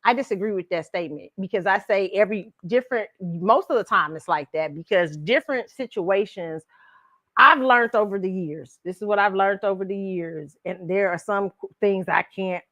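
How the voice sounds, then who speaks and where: A woman's voice: medium pitch, moderate pace, no echo. A middle-aged woman hosting a pop culture commentary show, talking casually with features and laughing often as she tells stories. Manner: casual, animated storytelling with frequent laughs. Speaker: show host.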